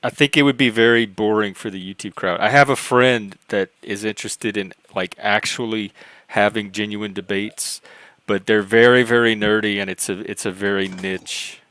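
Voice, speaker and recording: Man, lowish voice, dry close sound, hesitant casual panelist. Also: fairly even intonation, normal speed, fairly bright tone, dry recording.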